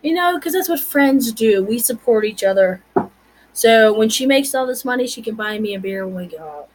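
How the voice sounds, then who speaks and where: A woman in her forties hosting a casual comedic vlog, telling stories in a chatty, animated way with playful asides. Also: on the high side, normal speed, rough recording. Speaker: vlog host.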